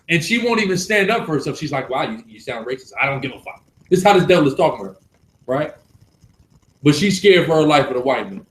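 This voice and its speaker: A man leading a live religious class, preaching forcefully and repeating points for emphasis. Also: fairly high pitch, reverberant, poor audio.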